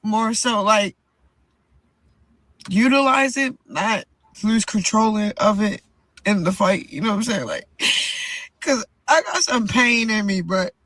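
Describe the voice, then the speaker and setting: A woman's voice: mid-range voice, takes it slowly, long pauses, a bit bright, no echo, low-quality recording. A young woman boxer talking to camera from inside a car before a fight, rambling and earnest, repeating her words. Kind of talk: personal vlog monologue.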